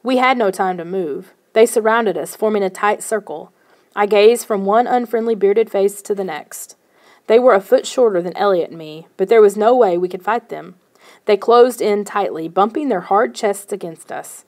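A woman narrating a first-person children's novel in a steady storytelling manner. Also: mid-range voice. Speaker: audiobook narrator.

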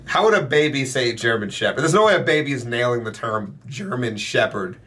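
A man's voice: mid-range voice, expressive, a little fast, fairly bright tone, far from the mic. A man hosting a reaction video, chatting casually with playful, teasing banter. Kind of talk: casual chat.

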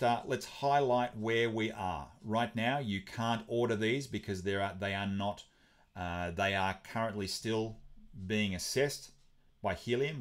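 A man hosting a crypto update video, talking casually with many fillers and restarts. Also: on the low side. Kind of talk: casual explainer commentary.

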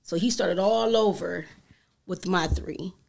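A woman guest on a talk show, an animated storyteller who acts out the voices she quotes. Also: fairly low pitch, takes it slowly, creaky. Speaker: guest entrepreneur. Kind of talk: casual talk show conversation.

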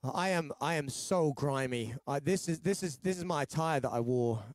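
This London man, a singer-songwriter, runs a relaxed livestream where he rambles through jokes and stories, often restarting. He speaks at normal speed in a voice on the high side with a London English accent. It's a studio-quality recording with no room sound.

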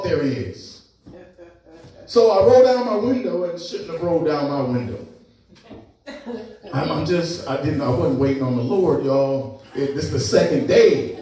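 A middle-aged man preaching a sermon as a pastor, telling a personal story in a lively, conversational way and laughing as he goes. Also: high-pitched. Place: church sanctuary. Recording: echoey church sanctuary from a distance.

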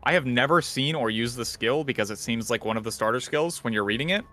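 A man hosting a casual gaming podcast, rambling and animated, swearing casually. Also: medium pitch, fast talker, faint music behind. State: out of breath. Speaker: podcast host.

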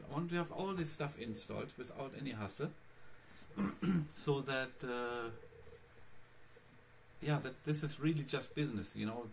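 A Linux vlogger rambles casually in a screencast vlog about his computer setup, chatting straight to his viewers. His voice is mid-range, with a little hiss or hum in the audio.

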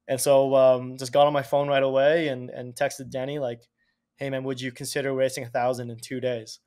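A man in his thirties from Canada, a podcast guest telling stories in casual chat, animated and cursing freely. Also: mid-range voice, a little fast. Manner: animated, swears casually, acts out quotes. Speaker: podcast guest, Olympic speed skater. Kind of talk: casual storytelling.

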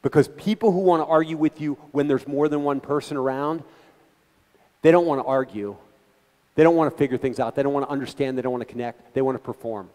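A man's voice: mid-range voice, fast talker, a little mellow. A man giving an earnest, conversational talk to a community gathering, speaking directly to the audience as a guest speaker. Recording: long reverb of a hall.

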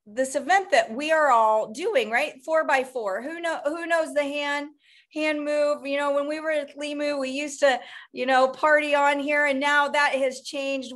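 High-voiced upbeat woman coaching a group. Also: a bit bright. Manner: upbeat, rambling, fast bursts of speech. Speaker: team coach hosting a group call. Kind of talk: motivational group coaching call.

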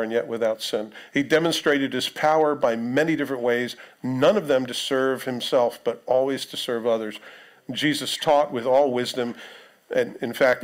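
A male pastor preaching a sermon in a conversational way, reading scripture aloud and putting questions to the congregation. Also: mid-range voice.

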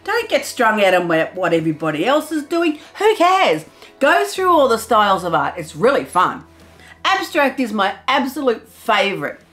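Middle-aged lady artist hyped up giving a pep talk, highish voice all over the place, faint music under it. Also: normal speed. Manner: excitable, loud and enthusiastic, with frequent laughs. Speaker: artist vlogger. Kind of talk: motivational pep talk to camera.

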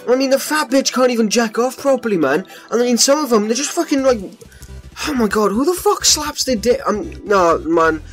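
Reaction vlogger, male, foul-mouthed incredulous rant, voice sits a little high, soft music underneath. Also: very animated, a little fast. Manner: ranting, incredulous, heavy swearing. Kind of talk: profane reaction commentary. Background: faint background music.

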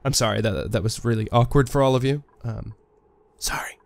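A man giving casual, animated gameplay commentary, swearing freely and swinging between goofy outbursts and quiet mumbles. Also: medium pitch, brisk, gravelly. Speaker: let's play gamer.

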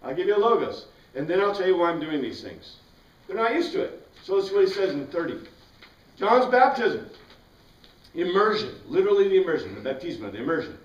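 A man's voice: high-pitched, very animated, brisk. A man teaching a Bible class, questioning his students and answering his own questions. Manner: asks the class questions and answers them himself. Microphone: far from the mic. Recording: roomy, distant, dull classroom recording.

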